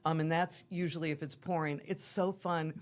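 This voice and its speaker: Low-voiced woman theater guest. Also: steady tone, moderate pace. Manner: enthusiastic, explains at length. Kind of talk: casual interview.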